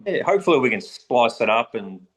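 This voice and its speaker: A man's voice: mid-range voice, big pitch swings, brisk. A man interviewing in a casual chat, rambling and self-deprecating, often stumbling over his words.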